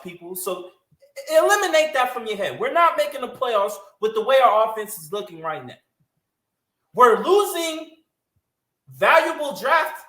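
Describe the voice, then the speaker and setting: In an echoey room, a woman co-host of a sports podcast delivers a casual, heated rant, emphatic and full of swearing. Her voice is high with a fairly bright tone.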